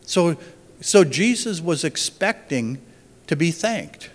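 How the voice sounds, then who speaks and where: A man's voice: on the high side, animated, slow, a bit bright, in a large hall. A man giving an informal Bible teaching, thinking aloud and often restarting his phrases.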